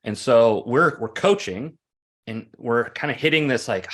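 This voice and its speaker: A man in his forties, a guest coach, talking earnestly in an interview, animated in his stories and often restarting phrases. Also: mid-range voice, unhurried. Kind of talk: conversational interview storytelling.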